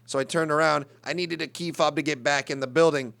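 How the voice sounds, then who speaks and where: A man's voice: fairly high pitch, steady tone, brisk, gravelly, fairly bright tone. A young man telling a profane, rambling comic story in an exasperated ranting manner. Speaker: comedian. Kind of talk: comedic monologue.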